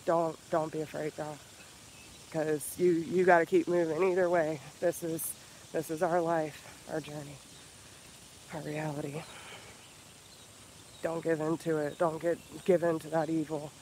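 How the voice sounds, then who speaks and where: A man giving an earnest, profane motivational talk in a casual vlog, slowing down and repeating himself for emphasis. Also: on the high side, flat delivery, darkish tone, slight background noise, poor audio. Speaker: spiritual healer vlogger.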